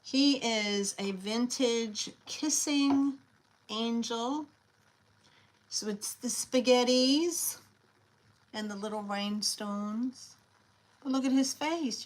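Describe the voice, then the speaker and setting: A woman hosting a live online sale, chatty and scattered, often pausing with fillers as she shows each item. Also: on the high side, rough recording. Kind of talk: casual live selling chat.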